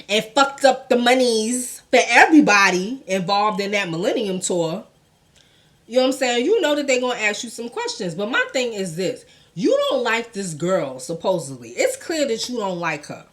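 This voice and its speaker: A woman's voice: fairly high pitch, a bit bright. A woman hosting a casual gossip commentary show, blunt and profane, talking in with laughing asides.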